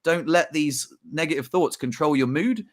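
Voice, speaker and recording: A man's voice: a little high, normal speed. A man, co-hosting a casual podcast chat and telling a reflective personal story. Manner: reflective storytelling, acts out his own thoughts. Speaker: podcast co-host.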